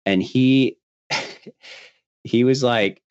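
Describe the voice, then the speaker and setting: A man's voice: medium pitch, very slow, smooth, no room sound, muffled recording. A man telling a long hunting story in a casual way, laughing often and acting out what his friends said.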